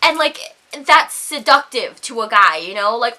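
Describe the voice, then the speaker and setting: A young woman vlogger telling a storytime rant, animated and profane, with lots of "like". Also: on the high side, unhurried.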